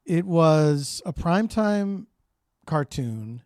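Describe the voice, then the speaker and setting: A woman co-hosting a podcast from home, talking in a relaxed, easygoing way and backing up her partner with many "mm-hmm"s. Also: deep voice, slow pace, no echo, clean studio sound. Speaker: podcast co-host. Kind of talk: casual chat.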